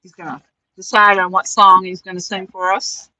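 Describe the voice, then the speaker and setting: A woman's voice: medium pitch, level tone, moderate pace, pushed and bright, rough recording. A woman hosting a live stream, chatting casually with viewers and friends and laughing often. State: talking with a mouth full of cookies.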